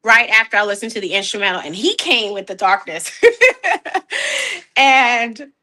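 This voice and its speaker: A woman, a guest artist chatting in an interview, animated and laughing often, repeating words as she talks. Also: a little high, unhurried. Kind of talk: casual interview chat.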